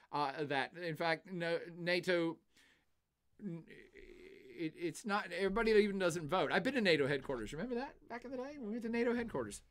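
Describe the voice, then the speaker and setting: An older man hosting a livestream, casually answering chat questions in an animated way and laughing often. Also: on the high side. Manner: animated, laughs often, puts on silly voices. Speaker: livestream host.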